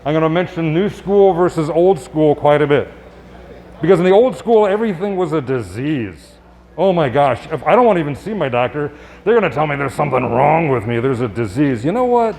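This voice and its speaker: A male doctor giving a live presentation to an audience, speaking conversationally with quick asides and rhetorical questions. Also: a little high, sing-song, gravelly, a little mellow. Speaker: physician giving a health talk. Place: public event space.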